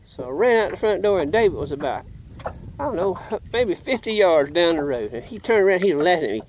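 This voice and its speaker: A middle-aged man spins a childhood tale in a lively, folksy way while he fishes out on the water. His voice sits fairly high for a man, and he throws himself into the voices and sound effects. There is a faint hiss of noise behind him. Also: a little fast. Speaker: vlogger telling a childhood story while fishing. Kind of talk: casual storytelling. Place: outdoors on the water, fishing.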